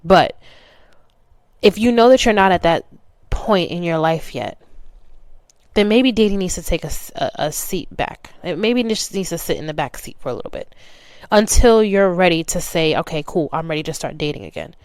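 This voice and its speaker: A woman's voice: lowish voice, animated, moderate pace, pauses often, darkish tone, no room sound. A young adult woman talking candidly and animatedly as a podcast host, speaking straight to the listener. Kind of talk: casual monologue.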